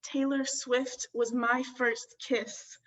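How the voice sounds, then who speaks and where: A woman's voice: on the high side, level tone, takes it slowly, fairly bright tone. A woman in her twenties, a graduating student poet, giving a playful, wordplay-filled poetry reading. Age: 20s. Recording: distant, dull lo-fi recording.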